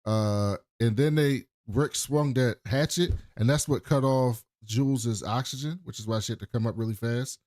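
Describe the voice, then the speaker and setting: A man's voice: mid-range voice, moderate pace, few pauses, darkish tone, dry recording, studio quality. A man co-hosting a podcast, casually recapping a TV episode in a loose, profane storytelling way. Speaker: podcast co-host.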